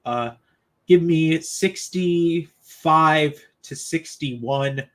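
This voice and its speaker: A man's voice: a little high, extremely slow, fairly bright tone. A man hosting a sports podcast, chatting casually and asking his co-hosts for predictions. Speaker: podcast host.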